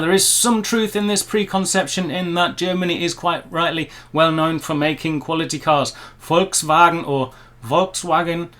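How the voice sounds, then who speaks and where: A man's voice: fairly high pitch, fairly bright tone. A man from England, vlogging in a chatty, upbeat way with playful asides. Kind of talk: casual talk to camera.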